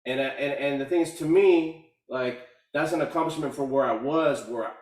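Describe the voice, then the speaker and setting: Male caller on a video call, halting speech, echoey and off-mic. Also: mid-range voice, a little mellow. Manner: halting, many fillers and restarts. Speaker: community call participant. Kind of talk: casual testimonial. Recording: echoey room, far from mic.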